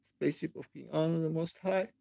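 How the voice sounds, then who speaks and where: A woman hosting her own channel, delivering an impassioned, upset political rant that breaks into shouting and halting restarts. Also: low-pitched, gravelly, no room sound. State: upset, near tears. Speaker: online channel host. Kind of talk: angry political rant to camera.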